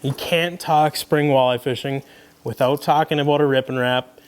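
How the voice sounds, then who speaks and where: A young man, casually explaining his fishing gear in a relaxed, folksy way. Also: mid-range voice, moderate pace, slight background noise. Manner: relaxed, folksy, conversational with fillers. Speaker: fishing video host. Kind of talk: casual gear rundown to camera.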